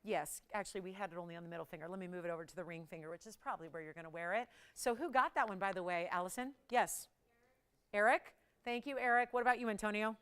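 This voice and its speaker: A woman's voice: mid-range voice, fast, a bit bright, smooth. A woman hosting a live on-air jewelry shopping show, chatty and playful, laughing often and teasing the crew. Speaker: shopping channel host.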